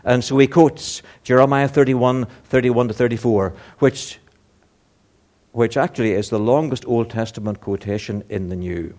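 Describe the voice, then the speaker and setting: Delivering a sermon at normal speed, this preacher is earnest and forceful, posing rhetorical questions and rising to louder, higher emphasis.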